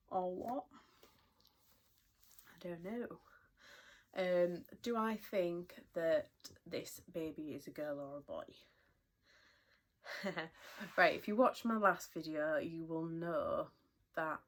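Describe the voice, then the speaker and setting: A young British woman chatting in a casual vlog update, rambling with lots of fillers and a little out of breath. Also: sits low. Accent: British English. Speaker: vlogger.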